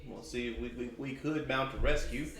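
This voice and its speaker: A man's voice: mid-range voice, steady tone, moderate pace, vocal fry, a crowd in the background. A man playing a tabletop game, talking in an easygoing way and stumbling over his words. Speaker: player. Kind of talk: casual tabletop play. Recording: echoey room, distant mic, background noise.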